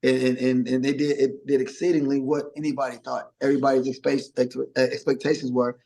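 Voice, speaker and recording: A man's voice: mid-range voice, brisk, poor audio. A middle-aged man, a musician being interviewed, telling stories in casual chat and acting out quotes. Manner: animated storyteller, acts out quotes. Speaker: musician guest.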